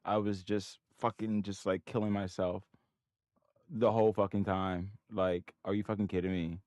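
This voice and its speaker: A man's voice: fairly low pitch, normal speed, no room sound, clean studio sound. A man streaming his day trading, swearing at himself, lecturing viewers, and muttering to himself between trades. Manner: profane, self-critical, talks to himself; excitable outbursts between mumbled asides. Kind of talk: live trading commentary.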